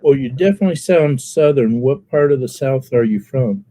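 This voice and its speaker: A man from Alabama on a live panel, telling stories in an animated way, acting out his reactions and laughing at himself. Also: medium pitch, moderate pace, no room sound. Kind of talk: casual chat.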